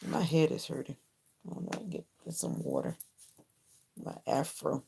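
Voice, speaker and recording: Gravelly-voiced woman hosting a late-night livestream. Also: low-pitched, wildly swooping pitch, moderate pace, mellow, a little hiss or hum. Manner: talks directly to chat viewers, repeating questions. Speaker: livestream host. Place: home, lit by a ring light.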